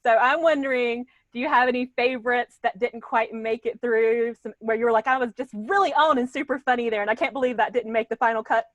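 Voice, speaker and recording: A woman's voice: fairly high pitch, steady tone, fast, hardly any pauses, dry recording. A woman interviewer asking a guest a long, chatty question. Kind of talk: press junket interview.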